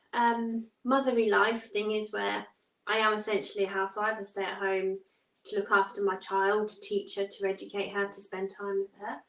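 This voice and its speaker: Chatty mum, roomy distant sound. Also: female voice, mid-range voice. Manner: chatty, chats while doing housework, often breaks off to her toddler. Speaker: live-streaming mum vlogger. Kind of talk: casual live-stream chat. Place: home.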